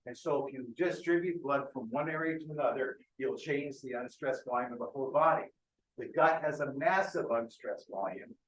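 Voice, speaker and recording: A man's voice: medium pitch, normal speed, a little hiss or hum. A man giving a keynote medical lecture, explaining step by step and often checking that the audience follows. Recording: echoey lecture hall.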